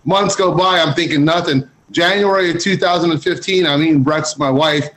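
Laid-back slangy man, higher voice. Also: fairly quick, fairly bright tone, low-quality recording. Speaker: guest cigar journalist. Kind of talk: casual podcast chat.

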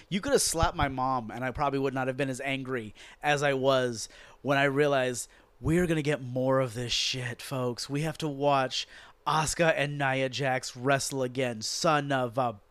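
A podcast host recaps a wrestling show in a profane, exasperated rant delivered as animated storytelling. His mid-range voice moves at a normal speed and sounds smooth, and the recording is dry.

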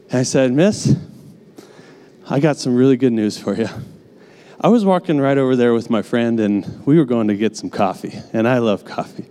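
A man's voice: medium pitch, normal speed, warm tone. Casual man preaching in a reverberant hall. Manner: casual, filler-heavy storytelling with many "like"s. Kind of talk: sermon storytelling.

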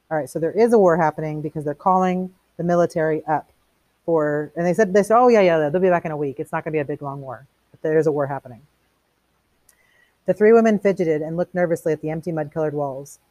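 A woman reads a novel aloud in a somewhat low voice, stepping out of the text now and then to explain it in a relaxed, casual way. The sound is close and dry, with no room around it. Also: fast, no room sound. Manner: reads plainly, stops to explain in casual asides. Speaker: teacher reading a novel aloud. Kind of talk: read-aloud with commentary.

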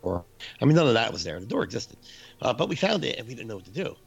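A man casually telling a spooky story from his youth, animated and laughing, acting out his friends' screams. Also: mid-range voice, fast, creaky, breathy edge.

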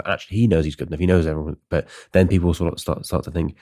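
A man's voice: sits low, steady tone, rapid-fire, dark tone. A man talking casually and sardonically on his own podcast, rambling and swearing freely. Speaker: podcast host. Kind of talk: casual solo monologue.

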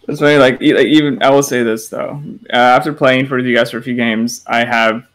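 Man, middle pitch, hesitant, casual conversation. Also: fairly even intonation, fairly quick, fairly bright tone. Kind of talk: casual chat.

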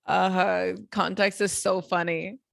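A woman's voice: on the low side, little pitch movement, a little slow, gravelly, no echo. Woman co-host in a dry, close recording. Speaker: podcast co-host. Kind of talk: casual chat.

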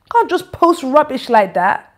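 A woman giving an informal church address, animated, teasing and scolding. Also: high voice, moderate pace. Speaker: church leader.

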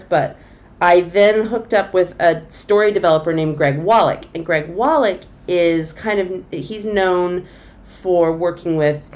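A fairly low-pitched middle-aged woman comedian tells a long story during a conversational interview. She's animated, acting out the voices of those she quotes.

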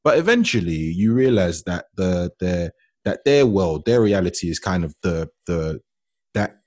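A man's voice: deep voice, a little slow, no room sound, clean studio sound. A man with a London accent, telling stories in a casual chat and acting out the voices in them. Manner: animated storyteller, acts out voices in his anecdotes.

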